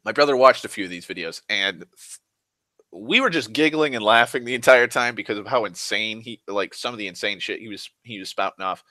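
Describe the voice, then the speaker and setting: Young man, rambling vlogger, bright forceful tone, dry close mic, restless delivery full of restarts and filler words. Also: fairly low pitch, fairly quick, dry recording. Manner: rambling, restless, full of restarts and "like", swears freely, swings loud and soft. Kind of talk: rambling casual monologue.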